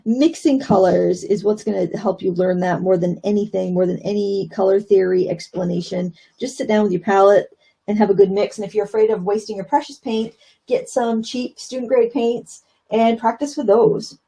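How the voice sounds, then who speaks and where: Gravelly-voiced woman teaching watercolor. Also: mid-range voice, fairly even intonation, moderate pace, mellow, rough recording. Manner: chatty, explains while painting, many fillers. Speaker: watercolor instructor. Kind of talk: live-stream painting lesson.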